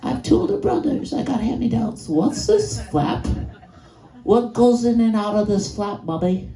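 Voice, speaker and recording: A woman's voice: fairly high pitch, lively intonation, normal speed, warm tone, recorded from a distance. A woman with a Chicago accent voicing herself as a naive five-year-old girl with a nasal voice. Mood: innocent. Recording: echoey room.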